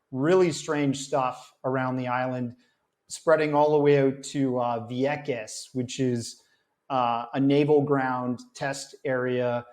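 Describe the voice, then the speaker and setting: Slow-talking animated man. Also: mid-range voice. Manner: animated storyteller, acts out dialogue, many fillers. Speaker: documentary filmmaker. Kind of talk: casual interview chat.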